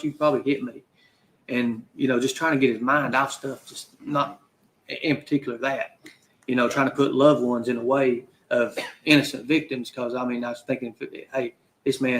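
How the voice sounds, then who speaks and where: A man in his forties gives witness testimony in a courtroom. He speaks haltingly and keeps recounting what another man told him, line by line, with plain "he said" framing. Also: medium pitch, low-quality recording. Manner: retells talk with repeated "he said", hesitant.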